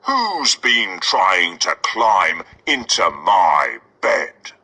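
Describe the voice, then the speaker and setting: Man doing a slow, gruff father bear. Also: low voice, very animated, pushed and bright, recorded from a distance, exaggerated voice. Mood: indignant.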